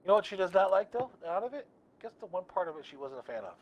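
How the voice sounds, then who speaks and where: A man's voice: sits high, big pitch swings, quick pace. A man streaming a game, chatting casually and telling stories with lots of swearing and laughter. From United States. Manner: profane, laughing storyteller. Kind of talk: casual chat while gaming.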